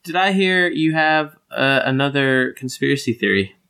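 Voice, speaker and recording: Bright-voiced laid-back American man. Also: mid-range voice, expressive, normal speed, clear, resonant tone. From Georgia, United States. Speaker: podcast co-host. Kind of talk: casual banter.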